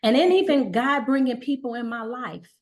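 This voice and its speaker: A middle-aged woman guest telling her story in a relaxed conversational way, acting out the voices of the people she quotes. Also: fairly high pitch, moderate pace. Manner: animated, acts out quoted dialogue.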